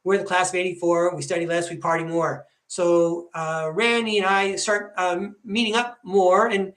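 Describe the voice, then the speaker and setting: A man in his fifties hosting a podcast, telling rambling, animated stories in a casual monologue. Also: sits high, moderate pace, roomy sound. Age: 50s. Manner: chatty, rambling, animated storyteller. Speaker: podcast host.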